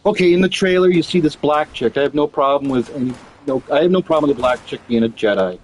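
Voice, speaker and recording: A man's voice: on the high side, quick pace, slight background noise, poor audio. A man chatting casually while gaming, telling rambling, profane stories full of restarts. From Canada. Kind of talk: casual chat.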